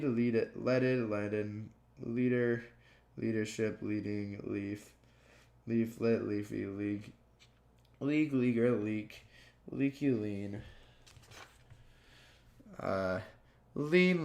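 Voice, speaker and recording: Guy slowly reading dictionary words one by one, tripping and restarting on some. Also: mid-range voice, creaky, darkish tone. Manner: slow, plodding word-by-word reading with stumbles. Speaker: gaming youtuber.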